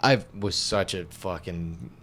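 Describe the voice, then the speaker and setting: A young man from North Carolina, a podcast co-host, telling a story in casual chat, animated and self-mocking, swearing and acting out quotes. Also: low voice, slow pace.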